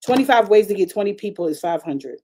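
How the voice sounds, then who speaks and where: A woman pastor preaching a conversational broadcast sermon, chatty and animated, repeating phrases and calling out to her congregation. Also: medium pitch, quick pace, noisy background. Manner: chatty, repetitive, calls out to the congregation; animated preaching with frequent restarts.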